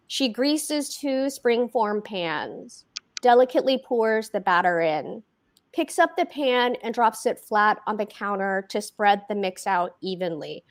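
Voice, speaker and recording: A woman author reading her own fiction aloud at a book event, slow and deliberate with dramatic pauses. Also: medium pitch, lively intonation.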